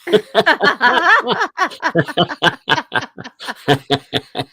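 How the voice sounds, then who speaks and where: Female livestream co-host, playful and teasing, higher lively voice. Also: extremely slow, gravelly, a little hiss or hum. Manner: playful, joking, giggly. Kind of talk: casual livestream chat.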